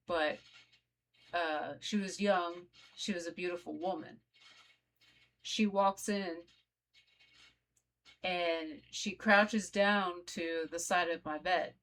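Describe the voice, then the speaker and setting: A woman's voice: on the low side, fairly bright tone. A woman vlogger telling her own story in a casual, conversational way, talking straight to her viewers. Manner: conversational, addresses viewers directly.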